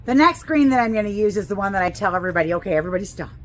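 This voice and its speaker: A woman's voice: mid-range voice, lively intonation, racing, a bit bright, slight background noise, rough recording. A woman gardening instructor giving a chatty, enthusiastic how-to demonstration, gushing over her greens as she works. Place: outdoors on a porch.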